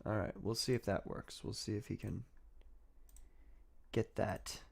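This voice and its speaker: A man's voice: fairly low pitch, fairly even intonation, measured pace, creaky, husky. A man hosting a casual livestream, rambling and sarcastic, often breaking into laughter. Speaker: livestream host.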